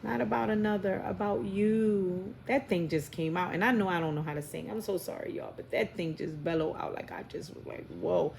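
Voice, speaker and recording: Calling her viewers y'all and baby, a New York-accented woman delivers a heartfelt, preachy tarot reading from a noisy home setup. Her voice is on the low side, creaky and darkish, moving at a moderate pace with hardly any pauses.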